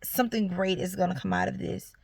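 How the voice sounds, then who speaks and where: A woman's voice: on the low side, steady tone, a little fast, gravelly, dry recording. A young woman, giving an earnest, encouraging faith testimony straight to her viewers. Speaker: vlogger sharing her story. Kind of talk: heartfelt faith testimony to camera.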